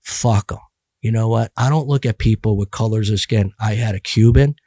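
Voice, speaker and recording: A man's voice: on the low side, normal speed, dark tone, breathy edge, dry recording, clean studio sound. A middle-aged man talking bluntly and profanely as a podcast guest, rambling with many restarts. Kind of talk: casual podcast conversation.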